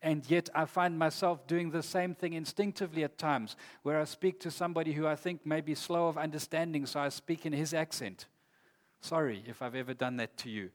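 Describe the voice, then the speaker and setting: A man's voice: fairly high pitch, steady tone, a little fast. A man preaching a sermon in an earnest, emphatic way, reading scripture aloud. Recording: long hall reverb.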